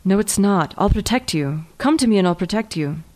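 A woman's voice: mid-range voice, animated, brisk, a little mellow, lightly acted. A woman reading the lines of a passionate, hotheaded young man who speaks urgently and pleads. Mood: desperate, angry. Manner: urgent, pleading, hoarse at times.

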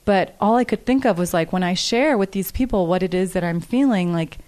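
A woman in a casual question-and-answer session with an audience, talking in an earnest, conversational way. Her voice sits somewhat low for a woman. She repeats each question aloud before she answers it. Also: brisk, a little mellow.

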